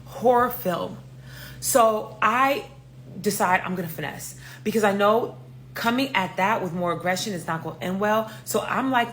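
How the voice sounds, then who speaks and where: There's slight noise behind this young New Yorker, whose pitch is medium and pace moderate. She narrates casually and energetically in a New York accent, dropping plenty of curse words and acting out everyone else's lines.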